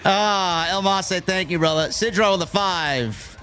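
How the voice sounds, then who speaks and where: A man's voice: high-pitched, unhurried, few pauses, pushed and bright, faint music behind. A man co-hosting a casual talk show, reading out viewer messages and jokes in a laid-back way. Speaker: podcast co-host reading super chats. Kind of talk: casual chat.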